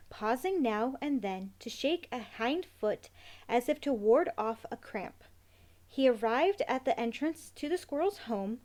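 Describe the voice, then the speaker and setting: A woman narrating a children's novel in a measured, expressive storytelling voice. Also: on the high side.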